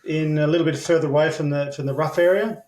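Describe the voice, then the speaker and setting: An Australian man tells long, loose stories, with many fillers and casual swearing. His voice sits fairly high for a man. The sound bounces around an echoey room. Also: steady tone, fast talker, darkish tone. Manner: rambling, filler-heavy, blunt and swearing. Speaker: interview guest. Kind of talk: casual storytelling.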